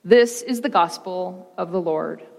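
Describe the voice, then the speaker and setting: A woman pastor reading the gospel and preaching, with slow, rhythmic repetition and dramatic pauses. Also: lowish voice, vocal fry, darkish tone, big-room sound.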